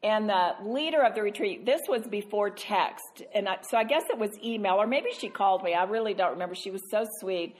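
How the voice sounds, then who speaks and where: A woman Christian speaker telling a self-mocking story, animated and laughing often. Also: mid-range voice, a little fast, hardly any pauses. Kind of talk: storytelling talk.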